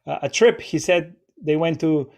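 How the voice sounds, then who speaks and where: A man's voice: a little high, moderate pace, darkish tone. A man hosting a live improv comedy show, rambling and chatty as he keeps interrupting himself. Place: small theater stage.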